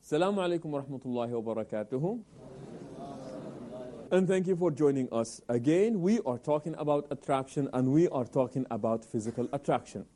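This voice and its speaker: A man hosting a televised Islamic talk program, animated, answering his own questions and sprinkling in Arabic religious phrases. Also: mid-range voice, brisk, a little hiss or hum.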